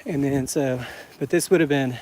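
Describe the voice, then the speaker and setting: A man's voice: medium pitch, moderate pace, a little mellow. A man from Florida giving a chatty walking tour outdoors in the cold, out of breath from climbing a hill, with many fillers and restarts. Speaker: travel vlogger and guide. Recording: noisy outdoor camera audio.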